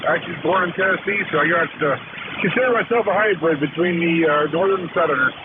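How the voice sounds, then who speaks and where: Halting man over static-heavy radio. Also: a little high, phone-quality sound. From Pennsylvania. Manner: halting, lots of "uh". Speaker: ham radio caller. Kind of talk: radio contact chat.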